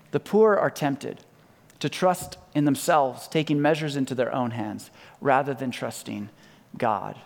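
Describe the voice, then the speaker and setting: A man preaching a sermon as pastor, emphatic, repeating key lines and dropping to soft, quiet endings. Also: medium pitch, measured pace, vocal fry. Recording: long reverb of a large hall.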